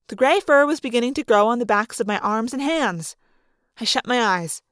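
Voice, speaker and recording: A woman narrating a first-person audiobook in an expressive, lively way. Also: a little high, normal speed, no echo, studio quality. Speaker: audiobook reader.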